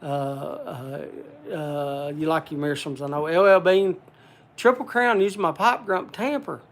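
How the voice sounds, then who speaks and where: A man's voice: a little high, measured pace. A man hosting a casual livestream, rambling as he reads out viewer names with lots of "uh" fillers and chatting to the audience by name. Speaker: livestream host.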